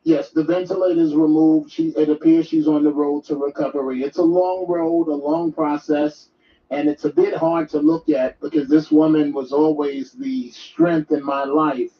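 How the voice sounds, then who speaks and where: A man's voice: a little high, fairly even intonation, normal speed. A male host of a live call-in show, speaking in an earnest, reflective way to his callers. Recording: roomy distant dull mic.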